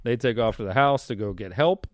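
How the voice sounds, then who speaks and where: Casual swearing podcast host, dry mic. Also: male voice, medium pitch, fairly quick, no echo. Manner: rambling, swears, retells scenes. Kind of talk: casual chat.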